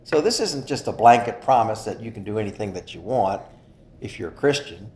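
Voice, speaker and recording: A man preaching a sermon in an earnest style, stressing key phrases slowly. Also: fairly low pitch, expressive, creaky, a little mellow, slight background noise. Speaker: pastor. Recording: echoey room.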